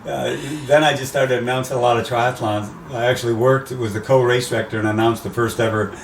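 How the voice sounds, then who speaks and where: An older American man, a race announcer, telling animated stories in a casual interview. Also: mid-range voice, brisk, far from the mic. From USA. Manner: animated anecdotes, acts out quoted voices. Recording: roomy, off-mic, faint background noise.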